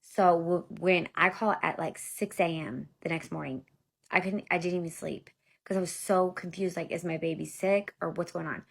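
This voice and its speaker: Her lowish voice is gravelly and husky, with fairly even intonation at a normal speed. In a casual storytime monologue, this woman in her thirties tells viewers, whom she calls y'all, her own story, bluntly, profanely, and with exasperation.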